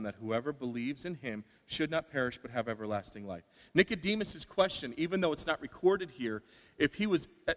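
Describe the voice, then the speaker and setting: A man preaching a sermon, animated and asking rhetorical questions, acting out the voices he quotes. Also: mid-range voice, brisk, big-room sound.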